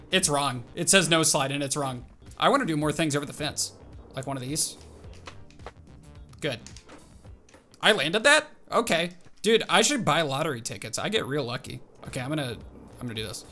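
A young man hosting a gaming video, his bright, forceful voice swinging widely up and down as he reacts to each move. He talks to himself and narrates his tricks in an excited, animated way. Faint music plays underneath. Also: on the high side, normal speed, long pauses. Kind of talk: excited gameplay commentary.

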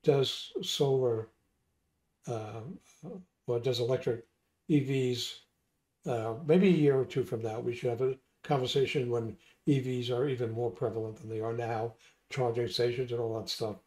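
A man's voice: medium pitch, fairly even intonation, moderate pace, a little mellow. A man hosting a casual chat, rambling and thinking aloud as he talks. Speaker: host.

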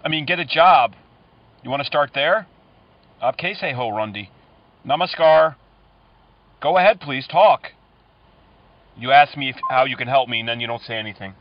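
Deadpan man firing cheesy pick-up lines. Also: medium pitch, moderate pace, pauses often, lo-fi sound, slight background noise. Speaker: prank caller. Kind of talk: prank phone calls.

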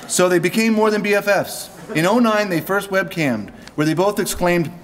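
A man's voice: high voice, normal speed, hardly any pauses. A man from Canada giving a joking wedding speech at a reception, reading prepared lines with humor. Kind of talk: wedding toast.

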